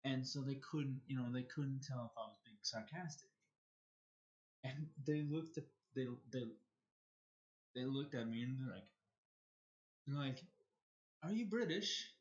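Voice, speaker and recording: A man's voice: mid-range voice, fairly even intonation, measured pace, long pauses, darkish tone. Rambling male streamer, dull mic. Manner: rambling, restarts sentences often. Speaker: livestreamer. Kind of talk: casual storytelling while streaming.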